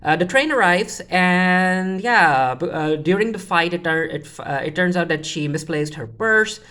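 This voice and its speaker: A TV show reviewer, a woman with a fairly low, expressive voice and a fairly bright tone, recaps an episode at a moderate pace. She rambles casually, restarting often, tossing in offhand asides and quoting characters along the way.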